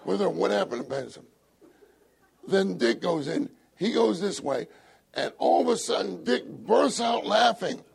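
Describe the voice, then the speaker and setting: An older man speaks to a congregation with a husky, gravelly voice that sits a touch high. He tells an anecdote with animated energy and frequent laughter. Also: a little slow. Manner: animated storytelling, laughing often. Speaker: church speaker. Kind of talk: anecdotal sermon story.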